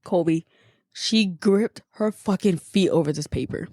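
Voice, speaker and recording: A woman's voice: on the low side, measured pace, darkish tone, no echo, clean studio sound. A young woman, a podcast co-host, telling a story in casual chat, swearing and acting out the people she quotes.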